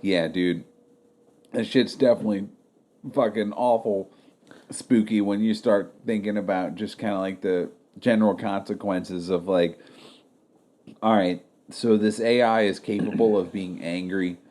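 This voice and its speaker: Lowish-voiced guy rambling on a podcast, says like a lot, swears casually. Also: fairly even intonation, measured pace, mellow. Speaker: podcast co-host. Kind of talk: casual chat.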